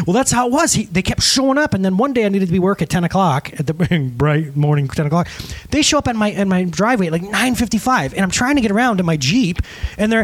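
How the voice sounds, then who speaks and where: A man's voice: high-pitched, fast talker. A middle-aged man preaching a sermon to a congregation, joking and acting out the people in his stories. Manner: animated, joking, acts out quotes. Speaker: pastor. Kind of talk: sermon with storytelling.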